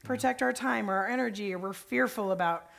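A woman of average pitch speaking as a pastor in a frank, informal conversation. Her delivery is casual and full of little conversational fillers. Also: brisk, gravelly, a bit bright. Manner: candid, informal, uses "like" and "you know" often. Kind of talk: conversational faith talk.

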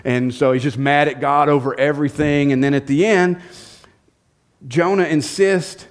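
A male pastor delivers a sermon in a fairly high-pitched voice, telling the story with conversational emphasis. He keeps stopping to ask his listeners rhetorical questions. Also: steady tone, normal speed.

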